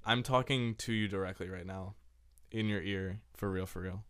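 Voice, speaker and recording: A man's voice: sits low, fairly even intonation, moderate pace, noisy background. A man hosting a podcast in casual chat, teasing and joking, often laughing as he talks, recorded on a podcast mic in a small closet room. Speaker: podcast host. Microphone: podcast microphone.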